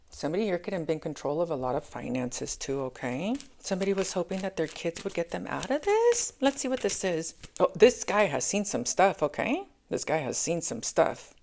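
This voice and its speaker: Lady reading tarot cards, low voice with lots of vocal fry, keeps saying okay. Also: big pitch swings, brisk, few pauses, a little mellow. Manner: chatty, repeats "okay?" often; addresses listeners as angels. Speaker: tarot reader. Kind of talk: casual spoken tarot reading.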